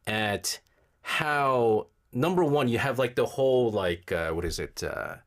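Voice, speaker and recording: A man's voice: mid-range voice, animated, a little slow, fairly bright tone. A man hosting a radio show in a studio, chatting casually and laughing at himself. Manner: laughing, self-deprecating, playful.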